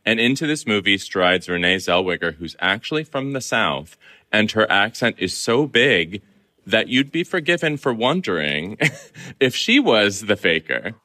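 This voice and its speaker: A man talking as a guest film columnist in a casual interview, animated and chuckling as he speaks. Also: lowish voice, a little slow, no room sound. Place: in Venice, remote.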